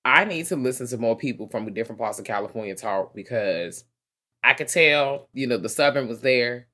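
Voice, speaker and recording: A podcast co-host in a casual movie review chat, talking in an excitable, profane, rambling way. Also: medium pitch, moderate pace.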